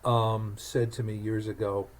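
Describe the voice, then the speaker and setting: A man's voice: lowish voice, level tone, measured pace, low-quality recording. A man hosting a podcast, telling stories in an emphatic conversational way, often repeating words as he gets going. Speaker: podcast host. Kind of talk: conversational storytelling.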